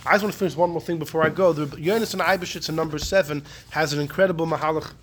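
A man teaching a Talmudic class, animated and repeating his key points. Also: a little high, racing, slight background noise. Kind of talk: Talmudic lecture.

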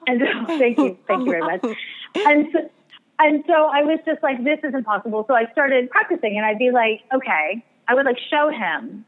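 A woman's voice: a little high, expressive, moderate pace. A woman, an astrologer and medium, telling a rambling, self-deprecating story in a casual interview. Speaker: astrologer and psychic medium guest. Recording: tinny phone-like radio line.

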